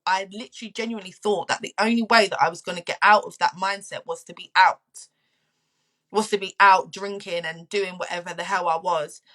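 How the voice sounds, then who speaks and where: A woman in her twenties appears as a guest, candidly describing her personal struggles and often repeating phrases for emphasis. Her voice is lowish, bright and forceful, and the recording is rough.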